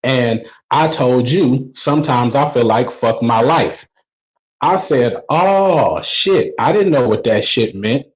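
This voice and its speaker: A man's voice: mid-range voice, measured pace, low-quality recording. Man telling a loose stand-up story. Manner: loose, conversational storytelling with slang. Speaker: stand-up comedian. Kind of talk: stand-up routine told as a story.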